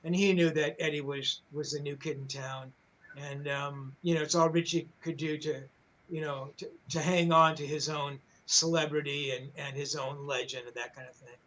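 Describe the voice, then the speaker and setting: A man's voice: fairly high pitch, steady tone, moderate pace, a bit bright, a little hiss or hum, low-quality recording. An older man, a rock journalist, telling a backstage story in casual, rambling talk, full of swearing, fillers and restarts.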